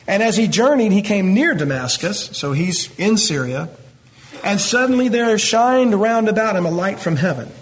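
High-voiced preacher, folksy. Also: male voice, animated, normal speed. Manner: folksy, conversational, talks to the congregation directly. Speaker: pastor. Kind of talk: verse-by-verse Bible teaching.

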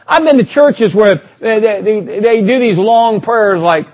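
A man's voice: high voice, expressive, moderate pace, hardly any pauses, muffled recording. A man preaching a sermon, talking to the congregation in a conversational way and reading out scripture.

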